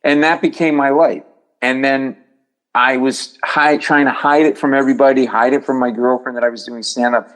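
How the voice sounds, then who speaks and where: Middle-aged man, comedian guest, animated storytelling, does voices, mid pitch. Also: normal speed, rough recording. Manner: animated, acting out voices in his stories. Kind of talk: podcast storytelling.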